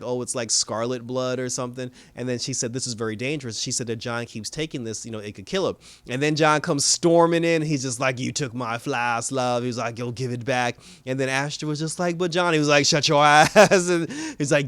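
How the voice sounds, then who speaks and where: Animated man recapping a TV episode. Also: mid-range voice, no room sound. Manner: animated retelling, acting out characters' lines, laughing. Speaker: TV review host.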